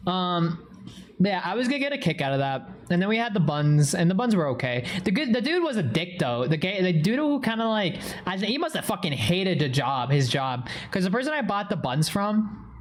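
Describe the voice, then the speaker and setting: A woman's voice: fairly low pitch, very animated, fairly quick. A young woman streaming live, chatting casually and telling a story with a lot of swearing.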